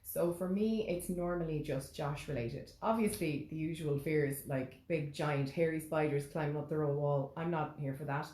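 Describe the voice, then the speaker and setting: A woman in casual chat as co-host, talking in a calm, measured, reflective way. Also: low-pitched. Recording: echoey room.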